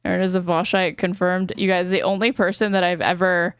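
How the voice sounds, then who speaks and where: A woman's voice: lowish voice, flat delivery, a little fast, clean tone, no echo, clean studio sound. An American woman hosting a podcast, teasing her guest casually and saying "like" often. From United States. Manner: teasing, says "like" a lot. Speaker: podcast host. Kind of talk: casual chat.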